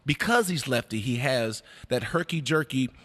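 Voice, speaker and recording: A man on sports radio breaking down guards' play and telling lively stories from his playing days, acting out what coaches and teammates said. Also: medium pitch, normal speed, big-room sound. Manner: animated storyteller who acts out quotes. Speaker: radio basketball analyst. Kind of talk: sports radio analysis and storytelling.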